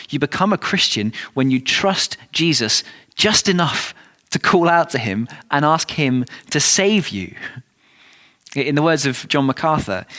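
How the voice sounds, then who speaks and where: A male pastor with an English accent delivers a sermon. He is earnest and emphatic and leans on rhetorical questions. His voice sits at a middle pitch. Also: bright, forceful tone.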